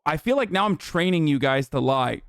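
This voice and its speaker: A man's voice: on the high side, brisk, clean tone, no room sound, clean studio sound. A man streaming, giving casual, profane, incredulous commentary on a video. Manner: profane, incredulous, animated rants. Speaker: streamer reacting to a documentary.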